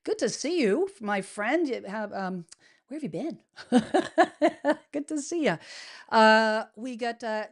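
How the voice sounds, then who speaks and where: A woman's voice: on the high side, animated, slow pace. Chatty upbeat woman hosting a livestream. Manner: chatty, upbeat, many fillers and restarts, laughs often. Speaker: livestream host, real estate advisor. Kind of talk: casual livestream chat. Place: home studio, indoors.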